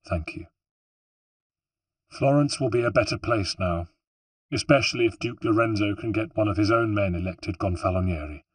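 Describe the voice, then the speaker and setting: A resolute young man gives firm, urgent orders to keep his family safe, voiced by a male narrator. The voice is deep and a little husky, recorded close and dry. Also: normal speed, no room sound, distant mic, close to an everyday voice.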